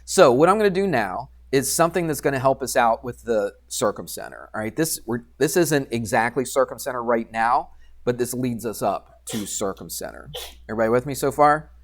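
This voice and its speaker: A man's voice: mid-range voice, animated, brisk. A man teaching a geometry lesson to his class in a chatty, self-deprecating way, often asking the students questions. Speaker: math teacher. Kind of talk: classroom lecture at a computer.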